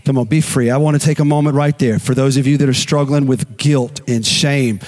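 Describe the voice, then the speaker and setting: A male pastor preaching an animated sermon, with a habit of repeating key phrases. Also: medium pitch, fairly quick.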